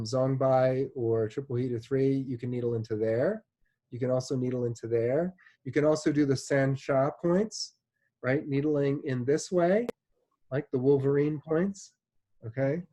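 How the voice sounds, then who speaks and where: An instructor with a mellow, medium-pitched male voice gives a classroom lecture in a casual, chatty style. He keeps checking in with "right?" and leans on fillers such as "like" and "you know."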